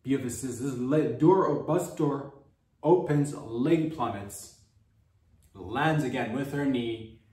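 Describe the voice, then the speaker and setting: A man's voice: mid-range voice, unhurried. Rambling man in echoey room. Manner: rambling, animated, swearing. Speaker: podcast host. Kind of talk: comedic storytelling. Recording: echoey room, distant mic.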